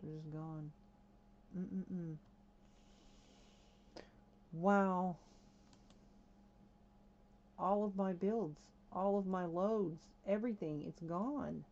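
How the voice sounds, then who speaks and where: A woman's voice: lowish voice, extremely slow, long pauses, a little mellow, lo-fi sound. A woman live-streaming a game, talking to herself and her viewers as she grows alarmed, with frequent exclamations. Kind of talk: casual live-stream chat.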